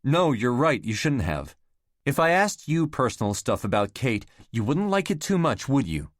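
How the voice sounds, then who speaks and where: Hurt defensive young woman, read by a man, low voice, dry sound, audiobook. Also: normal speed, a little mellow, dry recording. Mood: upset.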